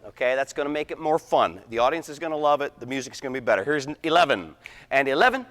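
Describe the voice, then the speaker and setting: A man's voice: medium pitch, expressive, fast, fairly bright tone. A man conducting a wind band rehearsal, counting off and singing rhythms aloud. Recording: echoey hall.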